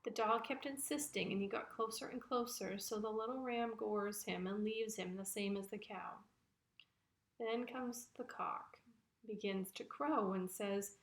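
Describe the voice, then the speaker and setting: A woman storyteller narrating a children's folk tale in a lively storytelling manner. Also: medium pitch, unhurried. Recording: roomy echo.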